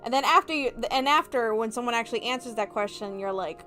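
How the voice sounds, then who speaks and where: A woman's voice: a little high, quick pace, few pauses, sharp tone, soft background music. A young woman chatting casually on a livestream, bubbly and giggly, acting out little reactions. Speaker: vtuber streamer.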